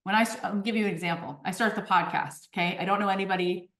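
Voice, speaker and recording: A woman in her forties talks through personal stories as a podcast guest. She speaks with animated energy and keeps checking in with her listener. Her voice sits mid-range and carries a roomy echo. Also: mid-range voice, fast talker, distant mic. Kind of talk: storytelling in conversation.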